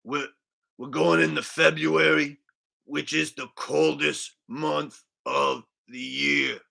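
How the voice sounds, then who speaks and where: Guy doing a spaced-out vaping vlogger dude, flat and plodding, gravelly and kinda sharp. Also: on the high side, slow pace, full character voice. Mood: droning. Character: laid-back vaping male vlogger, rambling about mundane news.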